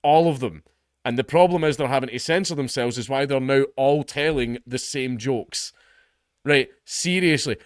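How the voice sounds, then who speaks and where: A man's voice: medium pitch, fairly even intonation, normal speed, clean tone, no room sound. Sardonic Scottish man, dry close sound. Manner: sardonic, mocking, emphatic asides. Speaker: commentary channel host. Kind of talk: opinionated commentary.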